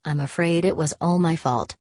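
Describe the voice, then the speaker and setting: A woman's voice: deep voice, moderate pace, darkish tone, no room sound, studio quality. A woman voicing an anxious, overly apologetic upper-class woman in an audiobook, speaking in a sing-song way.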